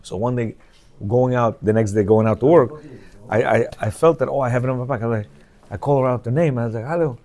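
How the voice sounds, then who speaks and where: Guy reading and explaining a book to a room of men, mellow, keeps asking do you hear. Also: mid-range voice, a little fast. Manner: conversational, repeats questions to the listeners. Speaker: Torah class teacher. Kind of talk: reading a book aloud and explaining it to a men's class.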